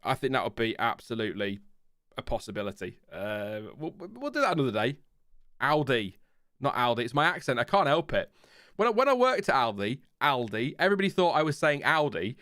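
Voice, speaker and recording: Here the F1 channel host, a man from Lincolnshire, England, speaks with a medium-pitched, sing-song, brisk voice that's a bit bright. On his casual live F1 chat stream he wanders off topic, restarts sentences and chuckles at his tangents in his Lincolnshire accent. There's no room sound, just clean studio audio.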